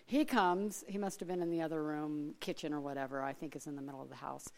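A woman's voice: low voice, steady tone, quick pace, vocal fry. A middle-aged woman from Alaska giving a chatty sermon full of personal stories, laughing often and acting out other people's voices. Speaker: church speaker.

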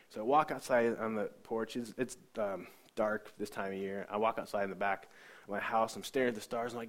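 A man giving an emotional personal testimony. He talks earnestly, often sinks to a soft hush, and restarts his sentences. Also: lowish voice, a little fast.

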